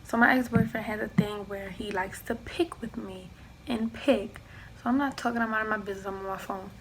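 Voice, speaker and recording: A young woman vlogger telling a personal storytime, animated, acting out what people said and dropping into hushed asides. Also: medium pitch, fairly quick, background noise. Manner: animated storyteller who acts out quoted dialogue, slips into hushed asides. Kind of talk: storytime chat.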